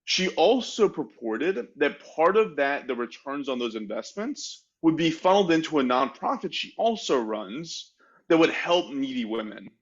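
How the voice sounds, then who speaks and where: A man's voice: fairly high pitch, expressive, normal speed, lo-fi sound. A man co-hosting a podcast, telling a history story in a casual, chatty way, full of "like" fillers and self-mocking asides. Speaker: podcast co-host.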